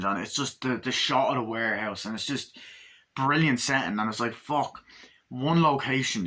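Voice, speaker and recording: Guy rambling thru a movie review, swears a lot, bright forward voice. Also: medium pitch. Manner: retells scenes by acting out lines in raised, shouty voices, heavy swearing; rambling, loose, filler-heavy retelling. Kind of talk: casual spoken movie review.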